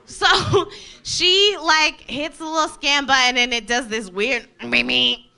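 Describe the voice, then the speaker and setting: Woman, high bright voice, self-mocking, rambling comic storyteller. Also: steady tone, takes it slowly, gravelly, smooth. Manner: swears casually. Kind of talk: casual comic anecdote.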